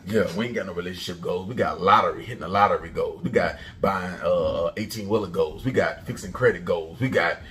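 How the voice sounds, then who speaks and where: A man hosting a commentary channel, ranting and taunting loudly, often jumping into a high mocking pitch. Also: brisk, few pauses, recorded from a distance.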